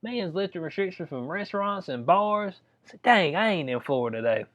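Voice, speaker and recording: A man's voice: high voice, expressive, brisk. A man from North Carolina giving heated, slangy commentary, breaking into laughing asides. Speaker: commentary vlogger. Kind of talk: casual ranting commentary. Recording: dull lo-fi sound.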